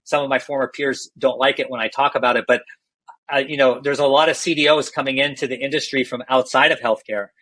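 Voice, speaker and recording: A man's voice: mid-range voice, steady tone, fast, bright, forceful tone, poor audio. A middle-aged man, a healthcare executive, candidly telling stories in a podcast interview and often restarting his phrases.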